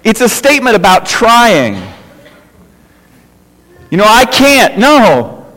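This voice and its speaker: A man's voice: high-pitched, big pitch swings, takes it slowly, a bit bright. A middle-aged man, a pastor, preaching a conversational sermon with lots of repetition and rhetorical questions. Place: church sanctuary. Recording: reverberant church hall.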